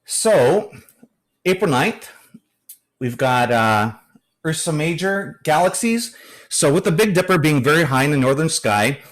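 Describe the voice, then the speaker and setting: A man's voice: a little high, animated, unhurried. A man presenting at an astronomy club meeting, reading through notes with frequent fillers and a few dry joking asides. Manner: hesitant, many fillers.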